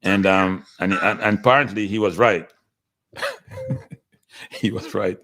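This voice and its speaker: Animated man hosting a livestream. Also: lowish voice, a little slow. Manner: animated, talks straight to the live chat, answers viewer comments. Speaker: livestream host. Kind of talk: casual livestream commentary.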